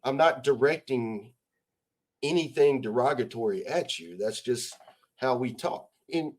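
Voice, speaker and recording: In an unhurried, medium-pitched voice, a middle-aged American man who retired as an army sergeant major talks as an interview guest in a casual setting. He's blunt, swears a lot, and hammers his points with rhetorical questions.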